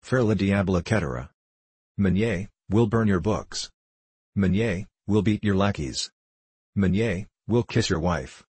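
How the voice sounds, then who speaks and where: Teasing young student, male, read by a man, low, husky, mocking, audiobook. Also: a little slow, a little mellow, dry recording. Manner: mocking, playful.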